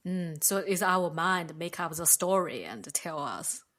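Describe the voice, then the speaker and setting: A woman's voice: on the low side, expressive, a little slow, fairly bright tone. A woman hosting a podcast interview, asking questions hesitantly with small grammar slips. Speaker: podcast host.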